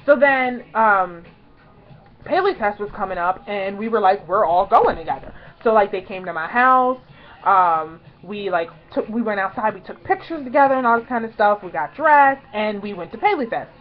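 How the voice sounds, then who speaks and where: A young woman vlogger telling a story in a casual, chatty way, excitedly acting out quotes in higher voices. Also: normal speed, highs cut off.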